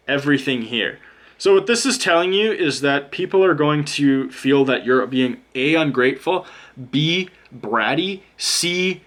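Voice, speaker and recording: A man's voice: mid-range voice, fairly bright tone. Man, tarot reader, casual card reading, blunt, joking, profane, sarcastic asides, talks to the viewer. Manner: talks straight to the viewer as "you".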